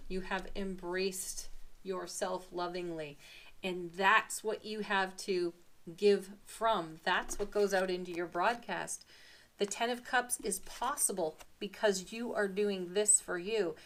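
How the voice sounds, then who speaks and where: A cheerful woman talks through a daily tarot reading. She sounds happy and giggly, and she lays out affirmations slowly and softly, with pauses between the words. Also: mid-range voice. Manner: warm, giggly and upbeat; soft affirmations with drawn-out pauses. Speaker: tarot reader.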